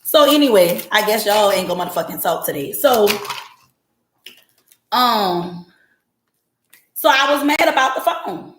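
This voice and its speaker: Her medium-pitched voice is animated yet a little slow, with frequent pauses, in a roomy space with slight background noise. Hosting a podcast over a home livestream, she tells her story bluntly and profanely, right to her chat.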